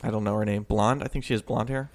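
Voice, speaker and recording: Animated, swearing young-sounding man telling stories. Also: fairly low pitch, fast talker. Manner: animated storyteller, swearing, laughing. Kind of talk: casual chat among friends.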